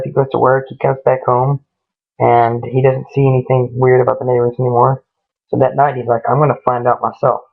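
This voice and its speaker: A man's voice: medium pitch, creaky. A man casually retelling a ghost story in a rambling way, stringing events together with "he goes" and "she goes". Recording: tinny phone-like lo-fi audio.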